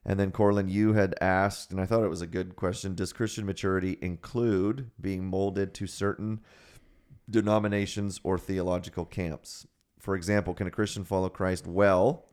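A man co-hosting a podcast in casual chat who laughs often and steers the conversation. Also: deep voice. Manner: relaxed, laughs often, leads the topic. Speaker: podcast co-host.

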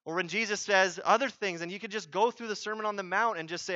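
A man preaches a sermon in a high, bright voice. He is conversational and emphatic, acting out what people say. The sound is dry and slightly dull. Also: fast talker, hardly any pauses, dry recording. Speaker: pastor.

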